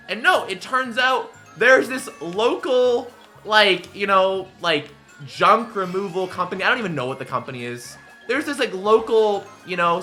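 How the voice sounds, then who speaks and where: Brief: streamer guy in his 20s, rambling and animated, with a sharp bright tone and a slightly higher pitch. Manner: rambling, filler-heavy, animated. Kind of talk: casual storytelling while gaming.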